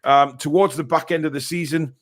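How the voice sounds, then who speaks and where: A man's voice: on the high side, steady tone, a little fast. Chatty male podcast host. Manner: chatty, reacting with filler words. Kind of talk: casual live-stream chat.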